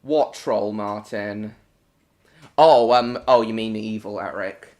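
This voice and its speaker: Slow-talking British man streaming live. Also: on the low side, a little mellow. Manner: greets viewers by name and answers chat in short bursts. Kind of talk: casual live-stream chat reading viewer comments.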